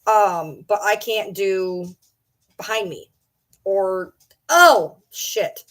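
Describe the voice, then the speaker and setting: A woman's voice: medium pitch, fairly even intonation, drawn-out words. A young adult woman chatting casually on a livestream from home, rambling and joking about herself. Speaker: streamer.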